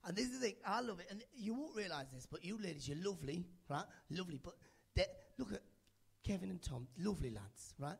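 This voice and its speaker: A male stand-up comedian working the crowd from a club stage, teasing audience members by name in a chatty way. His voice sits high and has a gravelly, husky grain. He speaks into a handheld stage mic. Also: lively intonation, brisk. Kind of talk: stand-up set with crowd work.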